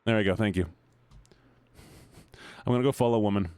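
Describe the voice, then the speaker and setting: A man streaming live, chatting casually with his audience in an excitable, playful, teasing way. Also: fairly low pitch, a little fast, clear, resonant tone, dry recording.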